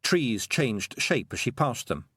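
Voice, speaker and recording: A man narrating an audiobook with expressive storytelling. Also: mid-range voice, takes it slowly, slightly rough, no room sound, studio quality. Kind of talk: scripted narration.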